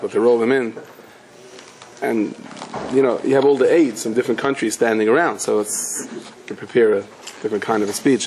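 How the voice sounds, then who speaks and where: A man gives a Torah class as a rabbi, in a mid-range voice that sits on a faint hiss of room noise. He talks the way a storyteller does and scatters Hebrew and Yiddish words through his English. He pushes his voice higher when he drives a point home. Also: darkish tone, rough recording. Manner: conversational storyteller, rises in pitch when driving a point home; drops Hebrew and Yiddish terms into English talk. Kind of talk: Torah lecture told through stories.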